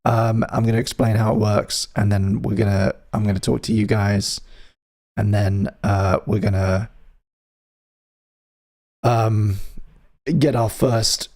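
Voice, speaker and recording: A man's voice: lowish voice, level tone, slow pace, long pauses, a little mellow. A man from the UK hosting a live music stream, chatting casually and playfully with his viewers in a rambling, teasing way. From United Kingdom.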